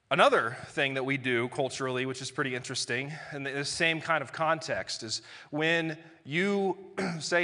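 A man preaching a conversational sermon in a large church hall. His voice is bright and forceful, and it rings with a long reverb off the room. He slips playfully into little acted-out exchanges. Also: mid-range voice, expressive, moderate pace, hardly any pauses. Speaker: pastor.

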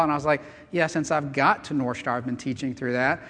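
A man's voice: medium pitch, fairly quick, few pauses, a bit bright. Earnest male pastor in a reverberant hall. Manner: earnest, emphatic preaching with conversational asides. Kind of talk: sermon. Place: church sanctuary.

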